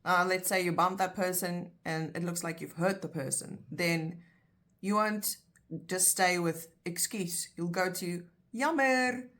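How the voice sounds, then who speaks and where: A woman's voice: fairly low pitch, steady tone, unhurried, a bit bright. A South African woman teaching phrases in a casual, chatty language lesson, explaining with everyday examples. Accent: South African (Afrikaans).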